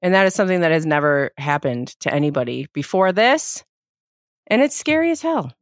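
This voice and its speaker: A woman's voice: low-pitched, very animated, fairly quick, dry recording. A middle-aged woman co-hosting a casual talk show, chatty and self-mocking, often close to laughing. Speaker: podcast co-host. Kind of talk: casual chat.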